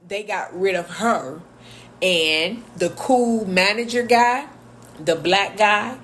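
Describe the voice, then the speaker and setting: A woman's voice: on the low side, a bit bright, slight background noise. A woman telling a workplace story in a casual, blunt and chatty way, with sarcastic asides. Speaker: vlogger.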